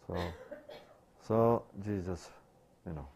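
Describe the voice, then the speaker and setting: A man's voice: low voice, takes it slowly, a little mellow, a little hiss or hum. A man giving a sermon-style health talk, asking rhetorical questions and answering them himself, with broken, repetitive phrasing. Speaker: health lecturer.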